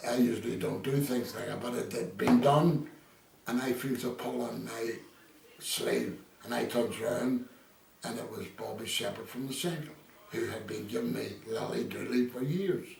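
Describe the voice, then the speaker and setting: A man's voice: mid-range voice, gravelly, darkish tone, slight background noise. An older Irish man being interviewed, telling rambling stories full of quoted dialogue. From Ireland. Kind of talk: casual storytelling. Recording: echoey room, distant mic, faint ambience.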